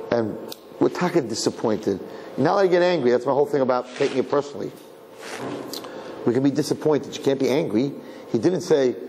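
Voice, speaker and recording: A man, a rabbi, giving a conversational sermon as an animated storyteller who acts out voices. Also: medium pitch. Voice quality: gravelly. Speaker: rabbi lecturing. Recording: reverberant hall, faint background noise.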